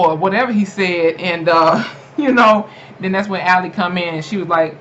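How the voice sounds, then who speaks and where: A young adult YouTuber chattily recapping a TV episode, animated and laughing often, with lots of fillers. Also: mid-range voice, normal speed. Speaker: TV episode reviewer. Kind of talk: casual spoken episode recap. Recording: dull lo-fi home recording with faint noise.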